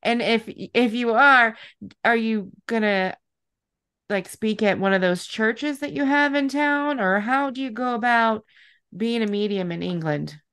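Woman co-hosting, clear voice. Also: on the high side, a little slow, fairly bright tone. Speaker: podcast co-host. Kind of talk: casual interview chat.

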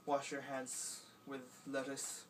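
A young man voicing a weird, quirky musician who talks in an odd, dreamy, drawn-out way. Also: medium pitch, monotone, far from the mic, a little hiss or hum, natural voice.

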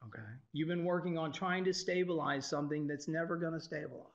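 A man's voice: a little high, quick pace. A man giving an informal, irreverent spiritual talk to a group, swearing freely and laughing often. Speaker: teacher. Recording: dull lo-fi recording.

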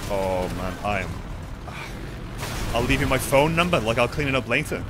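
A man's voice: mid-range voice, normal speed, background noise. A young man streaming a game, chatting and reacting with yelps and laughs. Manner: excitable, swings into loud yelps and laughs. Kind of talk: gaming stream commentary.

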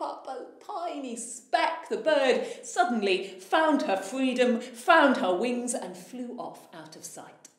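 A woman telling a folktale in an unhurried, animated way, leaning into the dramatic beats with sudden bursts of volume. Her voice sits in the middle of her range and carries a clear echo from the room. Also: medium pitch. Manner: animated, with sudden swells in loudness. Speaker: storyteller. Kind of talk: oral folktale storytelling. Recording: echoey room.

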